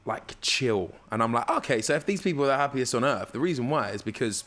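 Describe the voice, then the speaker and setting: A man's voice: mid-range voice, fast. A young man with a South London accent, chatting as a podcast guest and acting out the people in his stories. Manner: animated storyteller, acts out dialogue. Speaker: radio presenter, guest. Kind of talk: casual podcast chat.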